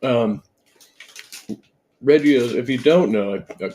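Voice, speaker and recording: A man's voice: mid-range voice, slow, warm tone. A man hosting a live stream, talking casually and hesitantly, with many fillers. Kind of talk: casual chat.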